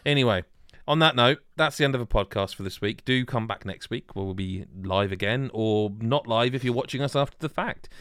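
A man's voice: medium pitch, fairly quick, few pauses, a bit bright, clean tone, dry recording, clean studio sound. A man hosting a podcast, rambling and joking with friends, full of restarts. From Wales. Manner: rambling, jokey, many restarts. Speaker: podcast host. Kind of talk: casual banter.

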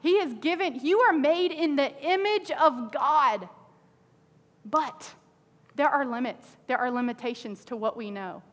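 High-voiced woman preaching in a big hall. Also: a little slow. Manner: animated preaching, acts out prayers in a high exasperated voice. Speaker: pastor. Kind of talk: sermon. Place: church sanctuary with a congregation. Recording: reverberant church hall.

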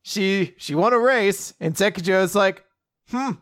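Podcast host, male, fairly high voice, bubbly and giggly, retells plots with quick character impressions. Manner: animated, laughs often, acts out quoted lines. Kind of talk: casual chat recapping a manga chapter.

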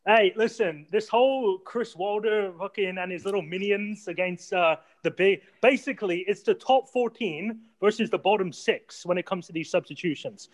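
A man's voice: high-pitched, moderate pace. A man chatting casually about football, swearing and laughing as he talks.

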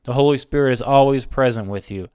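A man preaching a Bible sermon, slow and emphatic, repeating short phrases. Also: medium pitch, darkish tone, clear, resonant tone, dry recording, studio quality.

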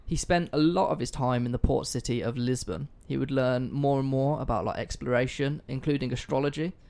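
A man's voice: medium pitch, fairly quick, a little mellow. A man hosting a casual history podcast, chatty and offhand, swearing freely. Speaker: podcast host.

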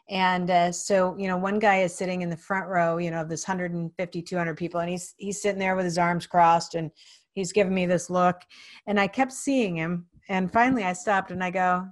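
A woman hosting an interview podcast, telling a lively anecdote and acting out the people in it. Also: lowish voice. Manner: animated storyteller, acts out quoted voices; frequent fillers and restarts. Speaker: podcast host. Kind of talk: casual interview chat.

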